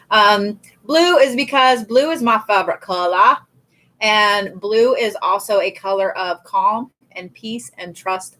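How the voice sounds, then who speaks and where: A woman's voice: mid-range voice, a bit bright, poor audio. A woman hosting a casual spiritual livestream, chatty and rambling with lots of fillers. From Tulsa, Oklahoma area. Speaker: spiritual reader and podcast host.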